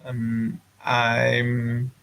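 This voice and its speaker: Very slow, gravelly man learning English. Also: mid-range voice, completely flat delivery, a bit bright, slight background noise, low-quality recording. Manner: hesitant, long pauses and murmured fillers. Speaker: English student. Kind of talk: halting language practice. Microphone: video call.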